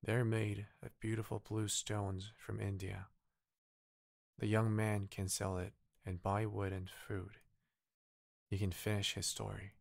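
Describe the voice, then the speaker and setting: A gentle, sorrowful statue prince from a storybook speaks softly and pleadingly, read by a man with a Korean first language. The voice is low and gravelly, with a slow, hushed delivery. The sound is close and dry. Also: flat delivery, no echo.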